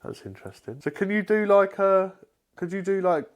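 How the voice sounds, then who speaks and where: A man co-hosting a casual chat podcast, talking in a halting way with lots of restarts and swearing. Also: high voice, dull audio. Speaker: podcast co-host.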